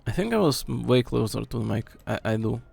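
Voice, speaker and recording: A man's voice: mid-range voice, big pitch swings, fairly quick, vocal fry, darkish tone, husky, no room sound, faint music behind. A man streaming from home, thinking aloud as he checks how his microphone sounds at different distances. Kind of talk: casual mic-check rambling. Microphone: desk mic, moving nearer and farther.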